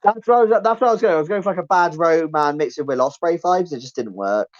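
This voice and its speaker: A man's voice: a little high, expressive, fast, dull audio. A man co-hosting a podcast, bantering casually in a jokey, rambling way. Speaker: podcast co-host. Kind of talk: casual banter among friends.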